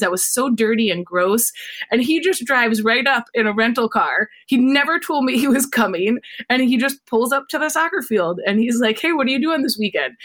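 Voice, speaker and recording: A woman telling a personal story in conversation, lively and animated, acting out quotes and laughing often. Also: on the high side. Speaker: guest.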